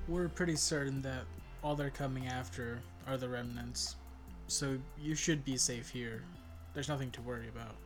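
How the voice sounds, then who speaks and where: A man's voice: medium pitch, fairly even intonation, normal speed, soft background music, natural voice. Grimton, a man playing an earnest warrior. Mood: reassuring. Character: male warrior leader rallying villagers. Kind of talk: in-character tabletop role-play.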